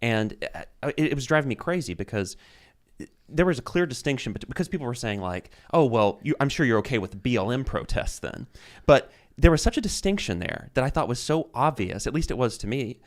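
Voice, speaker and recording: A man talking politics on a podcast panel. His voice sits at an ordinary middle pitch and gets animated as he builds his point. He often breaks into quick acted-out quotes. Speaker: podcast guest. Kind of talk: casual political talk show.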